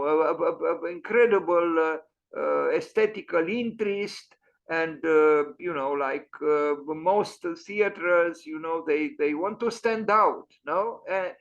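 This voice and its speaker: A man hosting an online architecture lecture, pausing often with fillers and restarts. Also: on the high side. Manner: hesitant, many fillers and restarts. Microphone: video call. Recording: dull lo-fi online audio.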